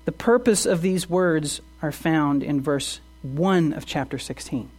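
A man's voice: fairly high pitch, measured pace, darkish tone, slightly rough. A man preaching a sermon as pastor, earnest, asking the congregation rhetorical questions and often restarting his words.

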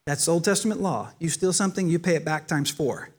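A man's voice: fairly high pitch, brisk. A pastor preaching a sermon, telling the stories vividly and speaking directly to his congregation. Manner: animated, expressive storytelling with acted quotes.

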